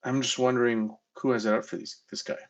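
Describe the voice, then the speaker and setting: Male tabletop player, wry and chatty, medium pitch, clicking sounds nearby. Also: flat delivery, fast talker, dull audio, slight background noise. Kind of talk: in-character tabletop play.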